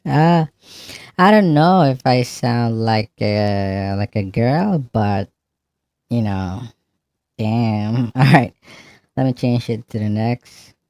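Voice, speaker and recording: A man's voice: mid-range voice, slow, darkish tone, smooth, dry recording, voice pushed up. A man talking through a female voice-changer preset, playful and joking as he tests it. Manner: playful, laughing, trying out the effect.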